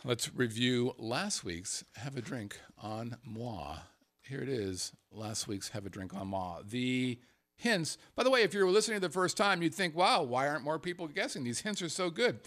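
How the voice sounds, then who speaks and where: A middle-aged show host with a fairly bright, mid-range voice and big pitch swings talks at normal speed on a casual live stream. Joking and profane, he reads out contest entries with crude jokes, singing the names in a sing-song way.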